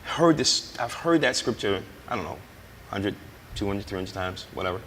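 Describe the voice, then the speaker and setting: A man with a low, gravelly voice tells his own story of recovery as a guest. He speaks with a preacher's emphasis and brings his quoted conversations to life. A faint hiss sits behind him. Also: expressive, normal speed, fairly bright tone, in a large hall. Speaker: guest sharing a recovery testimony. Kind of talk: personal testimony in conversation.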